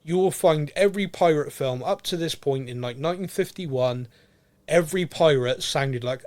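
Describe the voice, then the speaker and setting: A man's voice: fairly high pitch, normal speed, a little mellow. A man with a Bristolian accent co-hosting a casual podcast, chatty and laughing at his own jokes. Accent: Bristolian English. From England. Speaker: podcast co-host. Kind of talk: casual chat.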